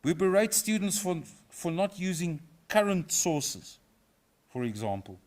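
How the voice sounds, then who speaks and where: A middle-aged professor from South Africa, giving a formal inaugural lecture in a measured, reflective way with a touch of humour. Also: male voice, high voice, big pitch swings, a little mellow. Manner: measured, reflective, lightly humorous. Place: university auditorium.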